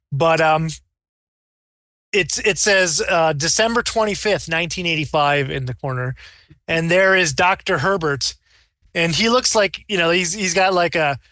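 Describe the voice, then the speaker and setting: A man narrating as game master of a tabletop game, rambling and animated, slipping into character voices. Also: on the high side, dry recording, clean studio sound.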